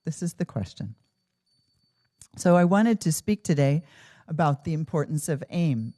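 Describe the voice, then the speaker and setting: Woman giving a spiritual talk at a temple, low mellow voice, earnest and reflective. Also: expressive, unhurried. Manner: earnest, reflective, asks rhetorical questions. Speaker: devotional speaker.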